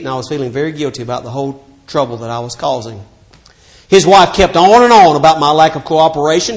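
A man giving a sermon, telling a personal story in a voice that swings from hushed confession to animated retelling. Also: a little high. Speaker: preacher.

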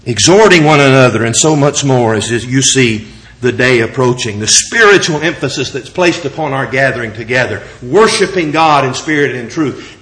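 Preacher, male, slightly high-pitched, measured scripture reading with strong emphasis. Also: a bit bright. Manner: reads scripture slowly with rising and falling emphasis. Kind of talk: sermon.

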